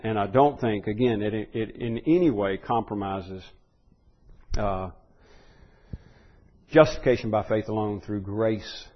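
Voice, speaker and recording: A man teaching a conversational sermon, trailing off into soft asides and stumbling over repeated words, then pushing up to loud emphatic peaks. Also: on the low side, lo-fi sound. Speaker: preacher teaching a Bible study.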